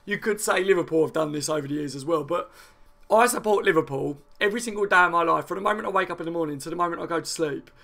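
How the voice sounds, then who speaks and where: A man hosting a football fan channel, chatting fast and excitedly and answering viewer comments with frequent laughs. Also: a little high, creaky. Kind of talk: live fan chat reacting to viewer comments.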